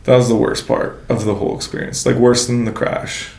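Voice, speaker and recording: A young man talks in a loose, slangy way, cursing freely and packing his sentences with "like". His voice sits in a middle register with a flat melody and a gravelly edge. The room around him has a noticeable echo. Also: medium pitch, brisk. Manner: slangy, swears often, fills speech with "like". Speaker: guest. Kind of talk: casual storytelling. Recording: echoey room.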